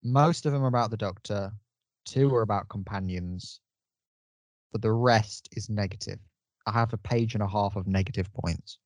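A man's voice: lowish voice, normal speed, a little mellow, no room sound. A man co-hosting a podcast, chatting casually in a rambling way and chuckling. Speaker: podcast co-host. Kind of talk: casual review chat.

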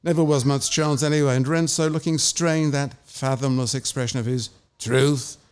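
A man, an author, reading his short story and then telling measured anecdotes in an interview. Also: mid-range voice, steady tone, a little mellow, clean tone. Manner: measured and anecdotal, with small restarts.

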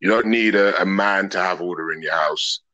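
A man's voice: deep voice, moderate pace, bright, forceful tone, highs cut off. A man, a podcast guest talking openly and earnestly in long reflective thoughts. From England. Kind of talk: open casual conversation.

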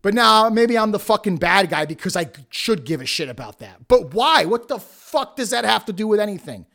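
A man's voice: sits high, big pitch swings, moderate pace, vocal fry, bright, forceful tone. A man hosting his own podcast, ranting bluntly and angrily with constant swearing about entitlement in his line of work. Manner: blunt, heated, heavy swearing. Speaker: podcast host and wrestling promoter. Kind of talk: profane solo podcast rant.

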